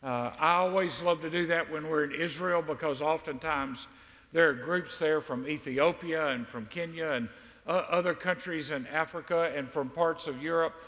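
A man's voice: fairly high pitch, normal speed, a bit bright. A man from Mississippi, preaching a sermon in a folksy, joking, conversational way. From Mississippi, USA. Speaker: pastor. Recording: long reverb of a large hall.

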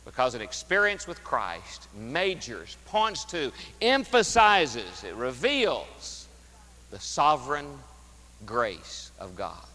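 A man preaching a sermon as pastor, emphatic, rising loud and dropping to a hush. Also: mid-range voice, big pitch swings, slow, big-room sound, poor audio. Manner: emphatic, swings from loud to hushed. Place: church sanctuary.

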